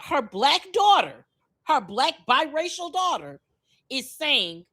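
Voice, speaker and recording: A woman's voice: high-pitched, sing-song, slow, sharp tone. A woman with a Miami accent, co-hosting a podcast in a blunt, profane, emphatic rant. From Miami, Florida. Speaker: podcast co-host.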